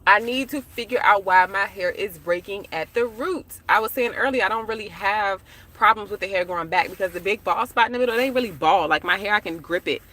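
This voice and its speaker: Bright-voiced woman chatting live from her car. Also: medium pitch, a little fast. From United States. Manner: chatty, talks straight to viewers with slang and asides. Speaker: live-streaming vlogger. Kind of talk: casual live-stream chat. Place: parked car.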